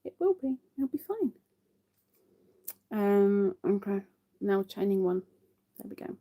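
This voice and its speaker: A woman's voice: mid-range voice, big pitch swings, takes it slowly, warm tone. A woman hosting a live crochet stream, chatting casually to viewers while she counts her stitches.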